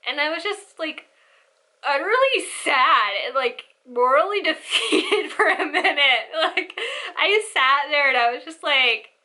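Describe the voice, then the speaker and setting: A young woman telling a family story in a casual, animated way, acting out the voices of her relatives. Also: sits high, measured pace. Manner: animated, acts out family members' lines. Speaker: storyteller vlogger.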